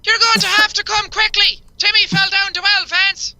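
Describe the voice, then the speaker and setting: A woman voicing a frantic female caller who shouts urgently down a phone line. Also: extremely high pitch, little pitch movement, moderate pace. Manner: urgent, shouted, hard to understand. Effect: phone filter. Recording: noisy tinny phone line.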